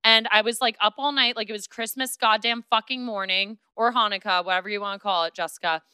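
A woman's voice: medium pitch, steady tone, quick pace, bright, forceful tone, clear, resonant tone, no room sound. A young woman hosting a podcast, chatting in a bubbly, jokey way and swearing freely. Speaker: podcast host. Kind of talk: casual chat.

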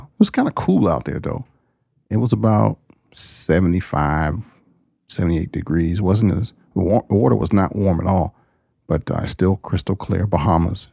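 A deep, gravelly man hosts his podcast in a folksy, joking chat, and his pitch often leaps up. His voice is husky. The recording is dry. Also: dark tone, dry recording. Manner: folksy, jokey, big pitch jumps. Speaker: podcast host and pastor. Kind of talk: casual chat.

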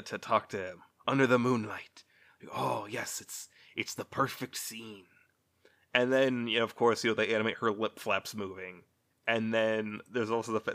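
A man's voice: on the low side, a bit bright. A man hosting a casual chat, rambling, laughing often and swearing freely.

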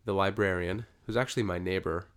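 A man's voice: low-pitched, quick pace. A man co-hosting a casual podcast chat, telling stories with lots of acted-out quoted dialogue. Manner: animated storyteller who acts out quoted dialogue. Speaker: guest co-host.

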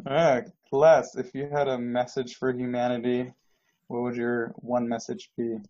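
A man's voice: medium pitch, little pitch movement, moderate pace, dark tone. A man hosting a podcast in casual conversation, playful and teasing. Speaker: podcast host. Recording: dull lo-fi sound.

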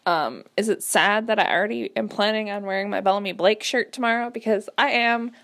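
A woman's voice: mid-range voice, fairly quick, fairly bright tone, no room sound. A young woman hosting a writing podcast, chatting enthusiastically with lots of fillers and sounding slightly congested. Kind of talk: casual solo podcast chat.

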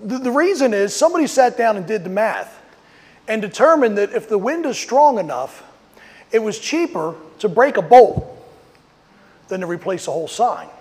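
A man with a high voice preaches a sermon outdoors, telling stories and dramatizing what people said. His voice rings with a long reverb tail. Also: sing-song, normal speed, a little mellow. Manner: storytelling, rising to emphatic when acting out quotes. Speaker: pastor. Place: outdoors on a street.

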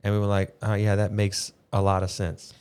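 Man, slightly low voice, relaxed beer-talk co-host, easygoing storyteller. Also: moderate pace, smooth. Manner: relaxed, storytelling, swears casually. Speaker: podcast co-host. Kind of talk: casual chat.

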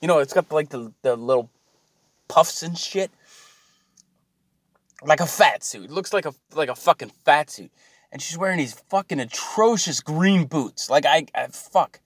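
A man's voice: fairly high pitch, expressive, a little slow, no echo, clean studio sound. Swearing man on a rant. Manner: swearing, mocking, exasperated rant. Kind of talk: profane ranting monologue.

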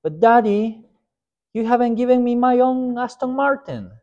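A man's voice: extremely high pitch, lively intonation, normal speed, a little mellow, dull audio, voice pushed up. A man voicing a whiny, spoiled grown son who complains to his father. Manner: whining, indignant.

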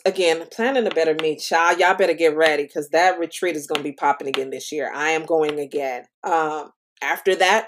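A woman guest on a casual podcast, telling stories in an animated way and calling the listener "girl". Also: on the low side. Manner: lively, animated storytelling, calls the listener girl. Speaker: podcast guest, stationery shop owner. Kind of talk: casual interview chat.

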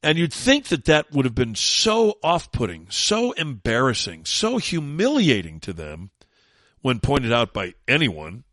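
A man's voice: mid-range voice, huge pitch swings, measured pace, a bit bright, dry recording. A male talk radio host in full sarcastic mode, combative and scornful. His voice sits mid-range, recorded close and dry in the studio. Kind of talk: opinionated talk radio monologue.

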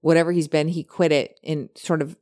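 A woman co-hosting a podcast, chatting casually and retelling a story with many animated quotes. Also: low voice, a little fast. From lived in California. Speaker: podcast co-host.

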